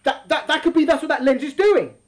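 A woman's voice: high-pitched, a little fast, darkish tone. A woman teaching a class, reading from a text and explaining it, and stretching out words for emphasis.

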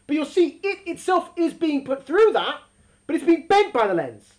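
A woman's voice: sits high, sing-song, moderate pace. A woman teaching a class, reading from a text and explaining it, and stretching out words for emphasis.

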